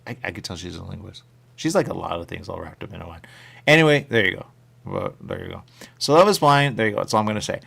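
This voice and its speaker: A male radio host talks in a loose, rambling way and keeps repeating his pet phrases. His voice sits low with a gravelly edge, yet it swoops up and down with lively animation. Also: fast talker. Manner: repetitive, animated, catchphrase-heavy. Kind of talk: rambling casual chat. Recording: radio studio mic.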